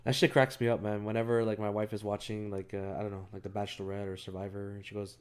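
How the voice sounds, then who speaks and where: Chill guy w a lowish voice, cusses easy, laughs a lot, casual chat. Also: flat delivery, fast talker, few pauses, clear, resonant tone. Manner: laid-back, laughs often, swears casually. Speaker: co-host.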